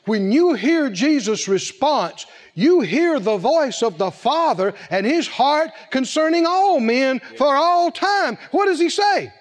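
A man preaching a sermon in an animated, humorous way, laughing often and calling out to the congregation. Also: very high-pitched, slow pace, hardly any pauses.

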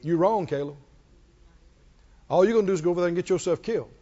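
A man preaching, voicing doubtful, fearful male spies who scoff at the plan, with a hurried, scoffing delivery. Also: sits high, mellow, voice pushed down. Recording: long hall reverb, dull lo-fi sound.

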